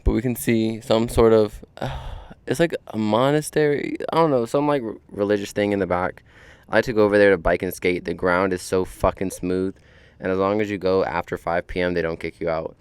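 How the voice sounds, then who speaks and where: A man's voice: lowish voice, brisk, smooth. A young man hosting a podcast outdoors on a deck, telling a story in a laid-back way full of swearing and fillers. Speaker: podcast host. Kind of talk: casual storytelling monologue.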